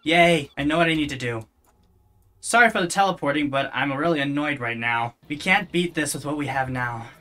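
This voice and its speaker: A gamer talking to themself while playing, with dry, sarcastic asides and quiet muttering. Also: medium pitch, normal speed. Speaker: let's play gamer. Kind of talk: casual gameplay commentary.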